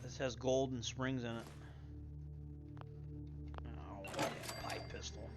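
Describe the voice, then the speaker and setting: A man's voice: mid-range voice, fairly even intonation, slow pace, long pauses, over loud music. A young man streaming a game, rambling and swearing casually as he plays. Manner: rambling, profane, muttering to himself. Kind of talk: casual gameplay commentary.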